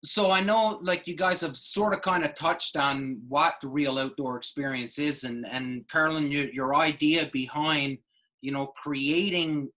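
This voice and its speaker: A man's voice: a little high, a little slow, bright, forceful tone. A man hosting a podcast, asking long, loose questions full of fillers. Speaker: podcast host. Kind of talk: casual podcast chat.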